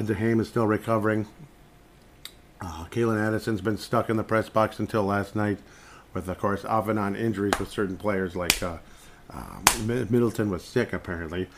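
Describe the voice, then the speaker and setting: A man hosting a podcast, giving casual, rambling sports commentary with wry asides and laughs at himself. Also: on the low side. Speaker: podcast host.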